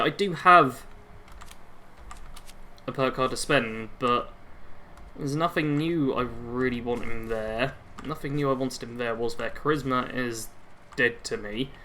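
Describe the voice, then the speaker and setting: A man's voice: mid-range voice, sharp tone, a little hiss or hum. A young man live streaming a game on a headset mic, chatting constantly and reading chat aloud.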